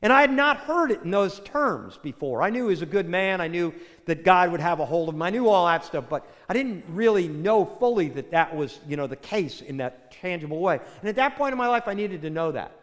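Older guy preaching, high voice, loud then real quiet, church echo. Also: animated, a little fast, few pauses. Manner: storytelling, swings between loud bursts and soft hushed lines. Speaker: pastor. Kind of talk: sermon.

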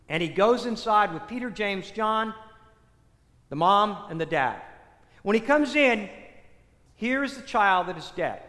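A man's voice: high-pitched, a bit bright, big-room sound. A man preaching a sermon, retelling a scripture story and asking the congregation rhetorical questions.

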